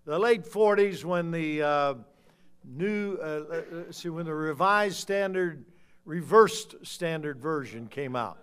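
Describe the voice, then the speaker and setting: Fiery older preacher, high voice. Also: male voice, takes it slowly, smooth. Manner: swings from low muttering to loud shouting. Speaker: pastor. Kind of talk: fiery sermon.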